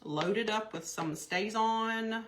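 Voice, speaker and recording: A woman's voice: mid-range voice, slow, background noise. A woman hosting a live craft stream, chatty and gushing, greeting viewers by name. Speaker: craft host.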